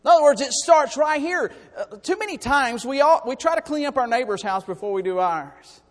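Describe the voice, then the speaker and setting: A pastor with a high-pitched voice and lively intonation delivers a sermon a little fast, moving from soft asides up to loud, climbing appeals. The church hall's long reverb echoes behind each phrase as he restarts sentences and trades jokes with the congregation.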